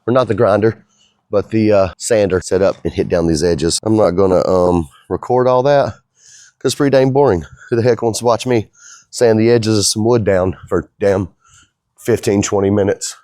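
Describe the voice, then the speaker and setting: A man's voice: lowish voice, normal speed, warm tone, dry recording, studio quality. A middle-aged man, the owner of a fabrication shop, talking casually in a rambling, folksy way as he works. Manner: easygoing, rambling, folksy talk.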